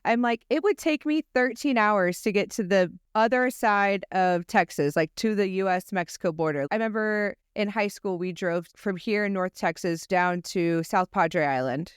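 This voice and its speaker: A woman's voice: mid-range voice, moderate pace, few pauses, clean tone, no room sound, clean studio sound. Blunt, profane young woman co-host. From United States. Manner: blunt, profane, self-deprecating. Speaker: podcast co-host. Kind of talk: casual chat.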